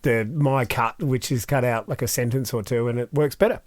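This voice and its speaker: An audio engineer chatting casually on a podcast in a studio, telling stories full of asides. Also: male voice, medium pitch, moderate pace, dry recording. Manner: chatty, animated storytelling with many asides. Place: recording studio.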